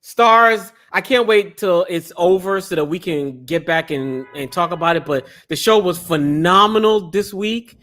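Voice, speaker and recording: A man hosting a casual podcast chat, excitable and laughing often, his voice jumping up when he gets going. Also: high-pitched, a little slow, hardly any pauses, faint music behind. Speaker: host.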